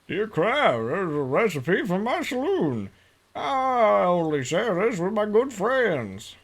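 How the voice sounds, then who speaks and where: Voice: medium pitch, sing-song, slow pace, voice pushed up, full character voice. A streamer voicing a folksy saloon keeper in a farming game, with a put-on southern drawl. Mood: friendly.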